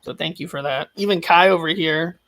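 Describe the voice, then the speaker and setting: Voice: mid-range voice, a little fast, a bit bright, no room sound, poor audio. A community member on a live stream, talking earnestly and gratefully. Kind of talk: casual live-stream chat.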